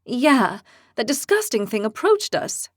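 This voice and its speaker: A woman's voice: a little high, big pitch swings, measured pace, no room sound, studio quality, pitched above the performer's own voice. A woman voicing a fiery horned young woman. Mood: brisk. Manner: fiery, sarcastic, blunt. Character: hot-tempered young red-skinned horned woman.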